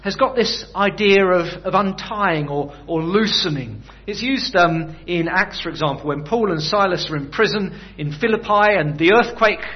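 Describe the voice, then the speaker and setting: A man delivers a sermon in an easy, conversational manner, tossing rhetorical questions to his listeners. His voice sits a little high for a man. The recording is dull and lo-fi. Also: expressive, normal speed, hardly any pauses. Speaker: preacher.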